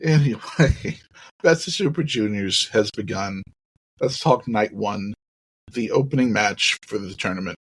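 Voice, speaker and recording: A man's voice: on the low side, a little slow, breathy edge, poor audio. A man hosting a podcast in casual chat, upbeat and leading the segments. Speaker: podcast host.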